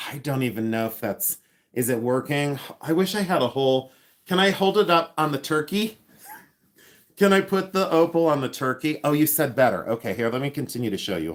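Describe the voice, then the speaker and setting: A man hosting a casual live stream, chatting excitedly, thanking viewers and thinking aloud with frequent restarts. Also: medium pitch. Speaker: livestream host and reseller.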